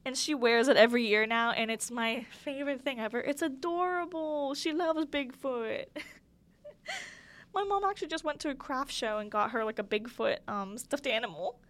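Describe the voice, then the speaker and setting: A young woman with a fairly high voice tells holiday stories on her podcast. She talks in a casual, giggly way and leans on fillers as she goes. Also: animated, normal speed, fairly bright tone. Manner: chatty, giggly, lots of "like" fillers. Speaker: podcast host. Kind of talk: casual storytelling monologue.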